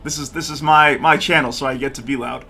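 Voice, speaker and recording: A man hosting a co-op game stream, talking loudly and cheerfully with his players. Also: mid-range voice, quick pace, creaky, slightly rough, soft background music. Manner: loud and lively, says so himself. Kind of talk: casual live-stream chat.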